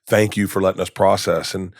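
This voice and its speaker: A man's voice: low voice, a little fast, no room sound, studio quality. Rambling storytelling man in his fifties. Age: 50s. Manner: rambling, animated, acts out quoted dialogue, many restarts. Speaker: comedian guest. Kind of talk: candid storytelling in conversation. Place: podcast studio.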